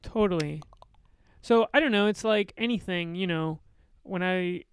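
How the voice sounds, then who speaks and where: Twenty-something guy from argentina, slightly high, smooth but gravelly, just chatting. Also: unhurried, no echo. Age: 20s. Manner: relaxed, filler-heavy storytelling. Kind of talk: casual chat.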